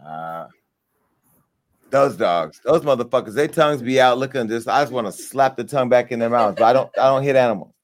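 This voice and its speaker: A brisk, brash man rants crudely for comic effect as a commentary host, his animated delivery leaping from shouts to low side remarks.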